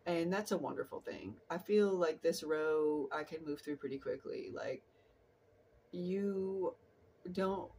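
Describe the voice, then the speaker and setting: A woman's voice: lowish voice, a little mellow, slight background noise. Earnest rambling woman reading tarot. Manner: earnest, rambling, frequent restarts. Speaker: tarot reader. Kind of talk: casual tarot reading monologue. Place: at home in an apartment.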